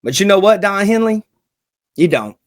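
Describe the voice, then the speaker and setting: A man's voice: high voice, very animated, normal speed, dry recording, clean studio sound. A man hosting a casual commentary vlog, hyped and slangy, repeating lines for emphasis. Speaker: channel host.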